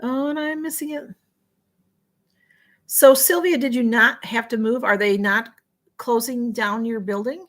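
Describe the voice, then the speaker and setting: A woman's voice: fairly high pitch, a little slow, long pauses. Chatty woman hosting a livestream. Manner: chatty, distracted, apologizing for missing comments. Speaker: livestream host. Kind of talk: casual livestream chat reading viewer comments.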